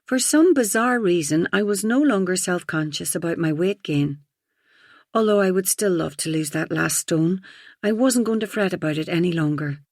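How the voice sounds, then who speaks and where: A woman narrating a first-person audiobook thriller in an even, reflective storytelling manner. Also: fairly low pitch, moderate pace, no echo, studio quality.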